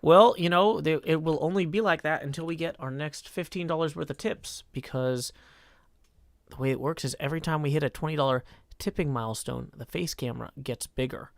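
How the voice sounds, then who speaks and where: A man's voice: a little high, a little fast, vocal fry, no room sound. A man live-streaming a game, reading chat messages aloud and answering them in a wry, self-deprecating way.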